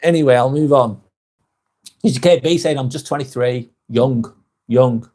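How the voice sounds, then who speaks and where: A man hosting a live vlog, chatting casually and reading viewers' comments aloud, with frequent "um"s and quick apologies. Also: medium pitch, warm tone. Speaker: live-stream host.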